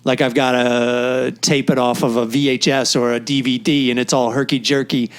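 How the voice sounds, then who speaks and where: A man's voice: mid-range voice, level tone, moderate pace, clear, resonant tone. A middle-aged man, a comedian co-hosting a podcast, chatting casually, telling anecdotes and laughing at himself. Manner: laughs often, self-deprecating, tells anecdotes.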